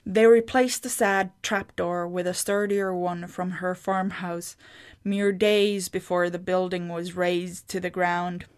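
A woman narrating a fantasy short story in a measured, scripted reading. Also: on the low side, little pitch movement, clear, resonant tone.

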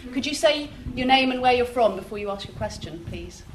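A woman's voice: fairly high pitch, expressive, fairly quick. Distant woman chairing a panel. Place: festival hall. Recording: distant, echoey hall with noise.

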